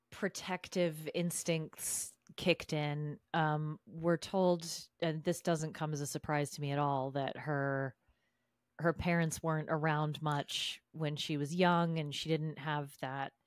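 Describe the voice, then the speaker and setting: A woman co-hosting a podcast in casual recap chat, animated and chatty. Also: deep voice, no room sound, studio quality. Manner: animated, chatty, quotes people in put-on voices. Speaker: podcast co-host.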